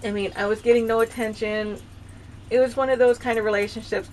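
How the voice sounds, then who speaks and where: A woman's voice: medium pitch, steady tone, a little fast, slight background noise. A woman in her thirties talking at home in a casual personal vlog, rambling and confessional, often circling back and restarting her sentences. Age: 30s. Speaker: vlogger. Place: home with dogs nearby.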